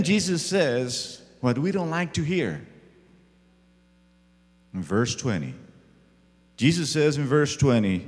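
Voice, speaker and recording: A male pastor preaching a sermon, swinging from loud emphatic lines to hushed ones. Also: mid-range voice, lively intonation, takes it slowly, pauses often. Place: church sanctuary. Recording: echoey church hall.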